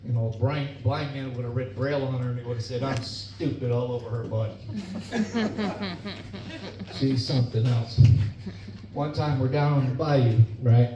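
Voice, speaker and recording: A man's voice: medium pitch, normal speed. A middle-aged man performing a stand-up comedy set on stage, telling folksy stories and laughing at his own jokes. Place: club or bar stage. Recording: echoey room, distant mic, dull, noisy.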